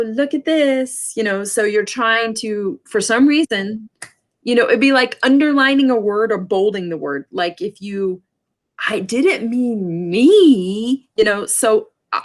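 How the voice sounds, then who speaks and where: A woman teaching a sign language class online, explaining casually with many fillers and restarts over a computer mic. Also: mid-range voice.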